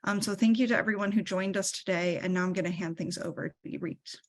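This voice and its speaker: A woman hosting an event, reading out the speakers' introductions in a steady, scripted way. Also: on the low side, fast talker. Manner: reads scripted bios steadily. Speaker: event host.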